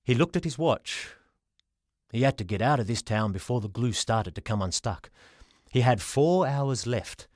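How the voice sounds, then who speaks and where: A man reading a children's storybook aloud as the narrator, in an expressive way. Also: medium pitch, normal speed, no echo, studio quality. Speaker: audiobook reader.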